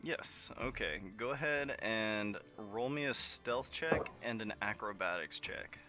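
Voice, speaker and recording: A man running a tabletop game as game master, narrating in a relaxed, casual way full of fillers. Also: on the low side, measured pace, music in the background.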